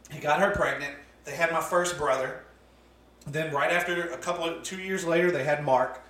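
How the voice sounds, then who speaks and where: A man telling family stories in a casual, profane, animated chat, often laughing. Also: fairly high pitch, moderate pace, long pauses. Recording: roomy sound from a distant mic, faint noise.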